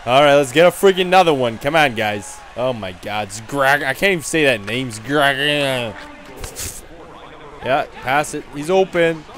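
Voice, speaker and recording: A man's voice: medium pitch, animated, measured pace, a bit bright, a little hiss or hum. A man doing a brash dim-witted hockey goon. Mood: rowdy. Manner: rowdy trash talk, frequent laughs. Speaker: gaming video creator. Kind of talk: in-character gameplay commentary.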